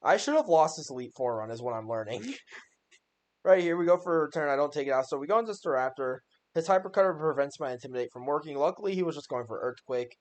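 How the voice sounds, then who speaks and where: Young dude with kinda high voice doing gameplay voiceover, chill and self-roasting. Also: male voice, expressive, fast talker. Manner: casual, self-mocking, exasperated at his own plays. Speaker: gaming YouTuber. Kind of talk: game commentary voice-over.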